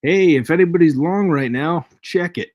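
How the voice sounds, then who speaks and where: A man's voice: fairly high pitch, moderate pace, a little mellow, no echo. A man hosting a casual live trading stream, chatty and jokey, chuckling as he reads charts aloud. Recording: dry, dull lo-fi stream audio.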